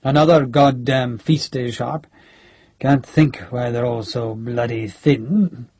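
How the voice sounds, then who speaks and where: Man voicing a gruff Scottish general with a cold. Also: medium pitch, steady tone, a little mellow, dry recording. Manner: blunt, swearing, drawn-out. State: head cold.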